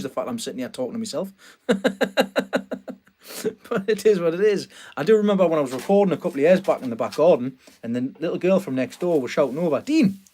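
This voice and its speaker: A man's voice: a little high, a little mellow. A man chatting casually on a live stream from a small greenhouse at night, greeting viewers and laughing often. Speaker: vlogger hosting a live stream.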